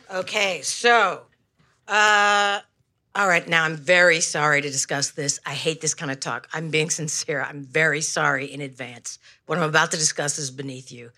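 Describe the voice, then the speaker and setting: Older lady comic on stage, bright voice, keeps going off on tangents and saying sorry. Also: medium pitch. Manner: tangential, self-deprecating, apologetic asides. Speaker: comedian guest. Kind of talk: rambling stand-up on stage. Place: comedy stage before live audience. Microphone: handheld wireless mic.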